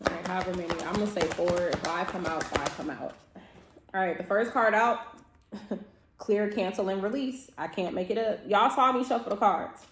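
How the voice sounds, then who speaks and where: A woman's voice: fairly low pitch, moderate pace. A woman reading tarot cards for her viewers, talking in a casual, emphatic and reassuring way. She repeats her points and laughs often. The sound is roomy and echoey, with a faint hiss behind her. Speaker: tarot reader and therapist.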